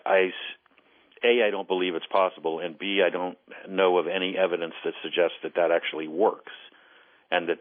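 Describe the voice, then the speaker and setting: On a call-in radio interview, a man with a low voice, once an intelligence case officer, talks through a telephone. He's deliberate and sincere, often doubling up words at the start of an idea, and the audio has a phone-line quality.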